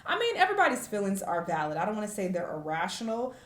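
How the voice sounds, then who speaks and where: A woman from the United States talks candidly to her camera, reflective and at times tearful, using plenty of fillers and pauses. Her voice sits at a middle pitch. The room around her is noticeably echoey. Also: wildly swooping pitch, a bit bright. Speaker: vlogger. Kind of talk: candid talking-to-camera vlog.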